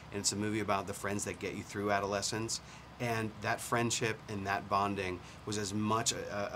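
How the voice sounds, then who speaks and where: A middle-aged man, a film director, talking earnestly with halting restarts in a press interview. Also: fairly low pitch. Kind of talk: casual press-junket chat. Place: hotel room at a press junket. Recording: noisy room ambience.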